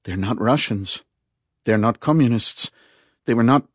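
A man's voice: mid-range voice, measured pace, dry recording, clean studio sound, lightly acted. Guilt-ridden Russian saboteur, tense and self-reproaching, as a male narrator puts him on. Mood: anguished.

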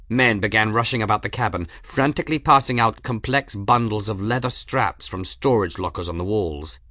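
A man narrating an audiobook chapter in a measured, dramatic storytelling manner, close to the mic. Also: fairly low pitch, pushed and bright, dry recording. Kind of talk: scripted narration.

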